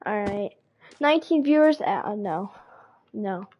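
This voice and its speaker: A woman's voice: mid-range voice, animated, unhurried, slightly rough, muffled recording. A woman streaming a game live, chatting casually with her viewers and repeating phrases, with a slight cold. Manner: chatty, repeats herself, greets chat.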